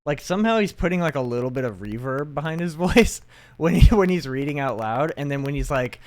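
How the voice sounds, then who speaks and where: A man's voice: a little high, expressive, brisk, darkish tone. Male player, chatty and jokey, casual table talk.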